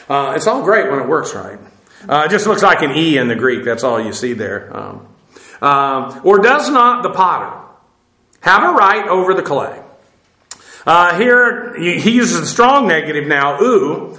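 A man teaching a verse-by-verse Greek text lesson, halting with many fillers and restarts and spelling words out letter by letter. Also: on the high side, bright, forceful tone, reverberant, low-quality recording. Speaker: Bible teacher.

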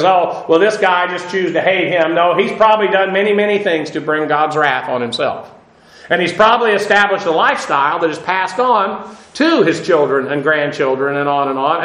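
A Bible teacher delivers a Bible study lecture in a noticeably high, somewhat bright voice. He speaks unhurriedly, peppering his points with "uh" and rhetorical questions, and the recording has a roomy echo.

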